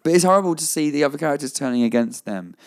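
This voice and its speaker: A man's voice: on the high side, expressive, racing. A man, co-hosting a casual podcast chat, talking with eager enthusiasm and frequent laughter. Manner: enthusiastic, rambling, laughs often. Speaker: podcast co-host. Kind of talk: casual chat recapping a TV episode.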